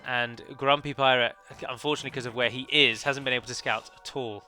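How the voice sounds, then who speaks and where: A man's voice: medium pitch, steady tone, fast talker, sharp tone, soft background music. Chatty man narrating a strategy game. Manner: chatty, self-correcting, analytical. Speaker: let's play commentator. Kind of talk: game commentary.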